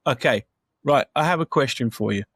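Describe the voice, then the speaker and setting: A man's voice: mid-range voice, lively intonation, fairly quick, fairly bright tone, slightly rough, no room sound. A man co-hosting a casual film review podcast, steadily reading out film facts and questions. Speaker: podcast co-host.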